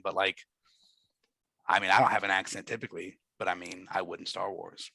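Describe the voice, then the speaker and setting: A man's voice: low-pitched, fairly even intonation, brisk, gravelly, pushed and bright, breathy edge, no room sound. A man from Georgia in the US, co-hosting a casual review chat, explaining lore with eager, nerdy enthusiasm and frequent restarts. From Georgia, USA. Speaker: co-host, reviewer.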